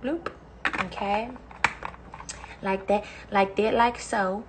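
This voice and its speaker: A woman's voice: medium pitch, steady tone, slow pace, noisy background. A young woman talking bluntly and with heavy swearing while she cooks in her home kitchen on a phone livestream. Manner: blunt, profane, ranting. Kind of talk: casual livestream chat while cooking.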